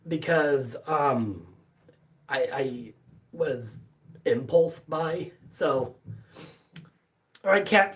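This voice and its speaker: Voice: mid-range voice, distant mic. A live-stream host chatting casually from a basement workshop, rambling with lots of fillers and restarts and swearing offhandedly. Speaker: livestream host.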